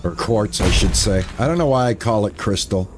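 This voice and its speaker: A man's voice: fairly low pitch, animated, moderate pace, music in the background. An older man streaming a game, chatting casually and thinking aloud, often repeating himself. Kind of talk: casual gameplay commentary.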